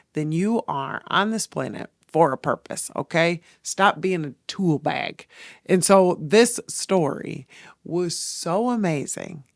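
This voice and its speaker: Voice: mid-range voice, creaky, no room sound, clean studio sound. A podcast host speaking in a personal, reflective monologue, earnest and emotional, rambling through thoughts with restarts.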